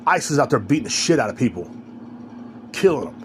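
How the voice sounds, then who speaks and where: A man's voice: mid-range voice, sing-song, fairly quick, slight background noise. A man hosting a podcast, ranting alone in a heated, rambling, profane way. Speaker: podcast host. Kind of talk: casual ranting monologue.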